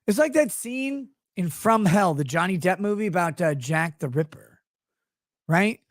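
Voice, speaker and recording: A man's voice: high-pitched, expressive, a little slow, no room sound, clean studio sound. Profane sarcastic man ranting live. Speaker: show host. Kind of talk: profane livestream rant. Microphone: streaming desk microphone.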